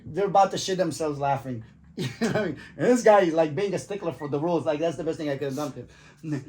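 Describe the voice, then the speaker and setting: A man's voice: a little high, fast talker. A man casually telling a funny story, swearing freely, acting out what people said and breaking into laughter. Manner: animated, swears freely, acts out quotes with laughs.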